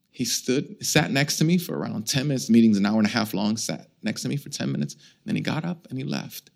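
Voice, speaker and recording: A middle-aged man preaching a sermon as a pastor, with humorous, animated storytelling, self-mocking asides and questions to the congregation. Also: medium pitch, fast talker, creaky, few pauses. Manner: conversational, asks the congregation questions.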